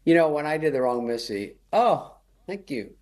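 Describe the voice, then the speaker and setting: Comic guest, middle-aged man, dry wry delivery with lively swings in pitch. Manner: wry, deadpan, quick jokes with mocking quoted voices. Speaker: comedian guest. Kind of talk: storytelling chat.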